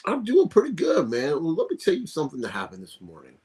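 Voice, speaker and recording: A middle-aged man co-hosting a podcast, telling stories in an animated, casual way. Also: a little high, fast talker, breathy edge. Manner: animated storyteller, casual and profane. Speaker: podcast co-host.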